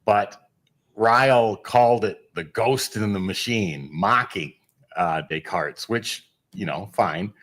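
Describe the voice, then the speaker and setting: A man as a guest researcher, explaining at length in a measured, lecturing way. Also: fairly low pitch, a bit bright. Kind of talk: explanatory interview talk.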